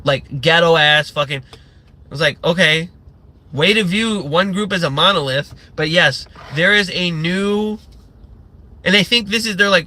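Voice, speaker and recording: A man ranting on his own livestream, sarcastic and heavy on swearing, who rambles with frequent fillers and false starts. His voice sits a little high for a man and has a very bright, sharp edge. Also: measured pace. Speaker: livestream host. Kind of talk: profane livestream rant.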